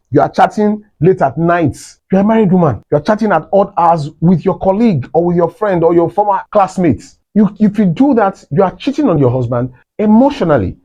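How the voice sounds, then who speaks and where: A man giving relationship advice to wives in an animated, scolding way, often jumping up to high exclamations. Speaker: relationship talk host. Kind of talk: preachy advice talk. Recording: dull lo-fi sound.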